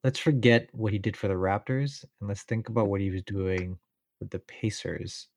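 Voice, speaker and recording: A man's voice: fairly low pitch, steady tone, moderate pace, gravelly, a little mellow, no room sound. A man co-hosting a casual sports podcast, easygoing and thinking aloud as he makes picks. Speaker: podcast co-host.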